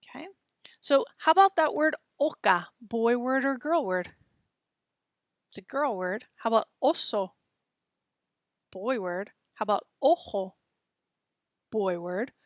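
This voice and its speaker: A woman's voice: a little high, expressive, no echo, clean studio sound. A woman teaching beginner Spanish on a textbook recording, speaking patiently and drawing words out so learners can repeat them. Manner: slow, patient, drawn-out pronunciation for repeating. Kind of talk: textbook audio lesson.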